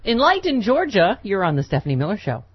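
A woman hosting a radio talk show, bantering and joking, quick with asides and laughing easily, on a muffled broadcast. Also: medium pitch, wildly swooping pitch. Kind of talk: casual comedic radio banter. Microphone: studio microphone. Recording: muffled radio broadcast, faint music bed.

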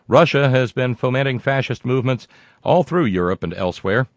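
A man's voice: mid-range voice, expressive, fairly quick, no room sound, highs cut off. An older American man hosting a casual show, reading listener mail aloud with wry, digressive asides.

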